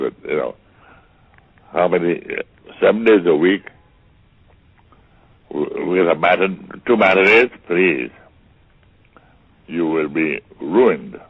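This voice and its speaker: A man's voice: rumbling low, vocal fry, slightly rough, dry recording. An older man from Trinidad, a guest telling stories in a theatrical way, repeating words and acting out the voices of people he quotes. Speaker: interview guest. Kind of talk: storytelling conversation. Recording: tinny phone-like line, dry.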